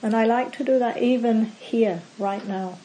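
A woman meditation teacher giving a dharma talk to a group, calm and measured, listing words one at a time with endings that fall away. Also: fairly high pitch, a little hiss or hum, low-quality recording.

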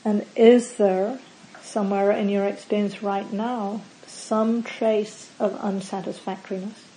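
A woman meditation teacher giving a dharma talk to a group, calm and measured, listing words one at a time with endings that fall away. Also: mid-range voice, low-quality recording.

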